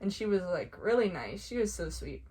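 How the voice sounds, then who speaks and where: A young woman telling stories casually, excitable and gushing, with squeals when she gets excited. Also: slightly rough. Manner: excitable, quick swings into high squeals; gushing, heavy use of "like". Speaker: vlogger. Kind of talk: casual storytelling.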